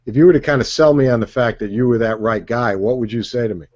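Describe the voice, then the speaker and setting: A man leading a sales training session, energetic and joking, driving his points home with "okay?" and "right?". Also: medium pitch, quick pace, lo-fi sound. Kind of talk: live sales training talk.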